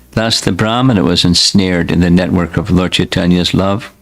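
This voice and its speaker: Man reading scripture slow and careful, lowish voice, devotional. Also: rough recording. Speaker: spiritual teacher reading scripture.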